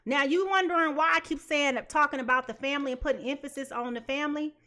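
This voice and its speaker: A woman's voice: high voice, a little fast, few pauses, pushed and bright. A woman giving a live tarot reading in a blunt, emphatic way, repeating her points. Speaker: tarot reader.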